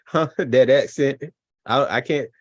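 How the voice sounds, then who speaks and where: A man's voice: mid-range voice, slow pace, dry recording. A man hosting a live stream, reacting to a video with chatty, laughing asides and reading viewer comments. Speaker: channel host reacting to a video.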